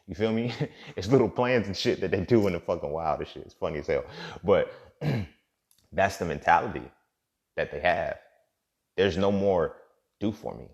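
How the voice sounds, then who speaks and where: A man with a very low, gravelly voice talks through a loose, profane motivational monologue, full of street slang and checking in with his listener. The recording sounds dull and lo-fi. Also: lively intonation, moderate pace, pauses often. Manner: profane, streetwise slang, repeats "you feel me". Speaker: podcast host.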